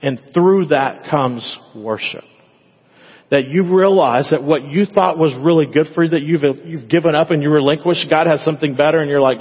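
Male pastor, chatty sermon delivery, slightly raised pitch, dull lo-fi room sound with reverb. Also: moderate pace, slightly rough. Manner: conversational, acts out prayers in quoted voices. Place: church sanctuary. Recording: echoey hall, dull lo-fi sound.

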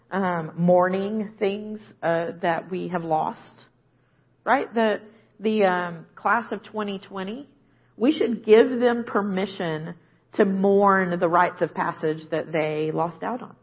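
A woman's voice: mid-range voice, takes it slowly, husky, highs cut off. A woman preaching a conversational sermon, often checking in with "right?". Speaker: guest preacher.

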